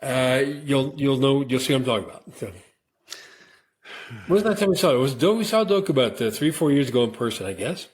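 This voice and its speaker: A man's voice: mid-range voice, very animated, quick pace. A middle-aged American man co-hosting a radio podcast, bantering bluntly and repeating words as he jokes. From United States. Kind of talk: casual banter.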